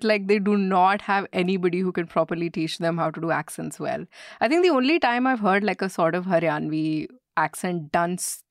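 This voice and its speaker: Young woman, frank critic, lowish voice, dry close mic, casual review chat. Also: dry recording. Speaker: film review podcast co-host.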